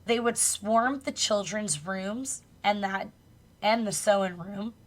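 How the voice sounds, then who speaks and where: A woman co-hosting a podcast tells a spooky true story in a relaxed, chatty way. She swears casually now and then and laughs along with her co-host. Her voice sits in an ordinary middle pitch. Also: slow. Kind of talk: casual chat, retelling a true crime story.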